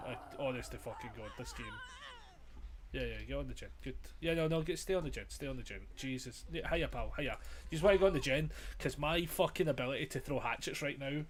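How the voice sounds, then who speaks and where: A man's voice: medium pitch, fairly bright tone, slight background noise. A man commentating his own gameplay casually, exasperated and self-mocking, swearing constantly, his throat strained and frazzled. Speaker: gamer streamer.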